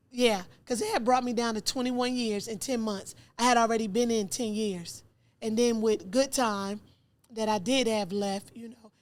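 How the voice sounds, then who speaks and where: A middle-aged woman recounts her life candidly in an interview. Her fairly high voice leaps higher when she acts out what people said, and she talks with lively, emotional energy. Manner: animated, acts out dialogue with rising pitch. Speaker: podcast host telling her own story.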